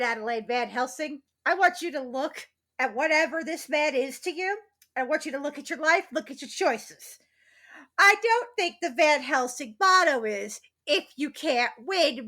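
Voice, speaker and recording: A woman's voice: high voice, sharp tone. A woman co-hosting a podcast in casual chat, ranting emphatically and swearing. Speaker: podcast co-host.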